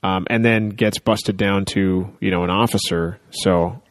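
A man co-hosting a casual chat about a TV show, talking things through and quoting characters in quick asides. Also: sits low, steady tone, no echo, clean studio sound.

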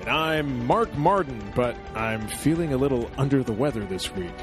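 A man co-hosting a podcast in casual chat, jokey and animated, telling stories with chuckles. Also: medium pitch, moderate pace, music in the background. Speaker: podcast co-host.

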